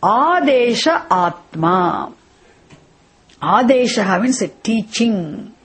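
A woman teaches a scripture class in a breathy voice. She circles back over her phrases and keeps asking her listeners questions as she explains. Her pitch sits in the middle range. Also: lively intonation, extremely slow. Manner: repetitive, questioning, restarts phrases. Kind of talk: classroom lecture.

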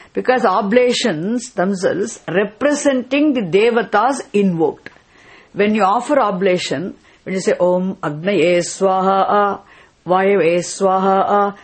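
Woman scripture teacher, slow and husky, walks through a verse word by word, repeating terms. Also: mid-range voice. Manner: repeats terms, explains slowly and patiently. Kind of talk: explaining a chanted verse word by word.

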